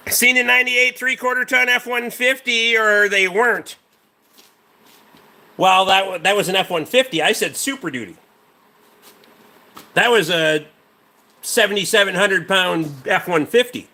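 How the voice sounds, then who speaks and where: A man's voice: high voice, measured pace, gravelly, pauses often, sharp tone. A man hosting a casual livestream, a mechanic rambling about truck parts and swearing freely while answering chat.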